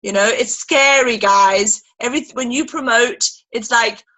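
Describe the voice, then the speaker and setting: A woman leading a sales team through a motivational training talk on a video call, animated and emphatic, acting out little scenes as she speaks. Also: on the high side, unhurried, low-quality recording.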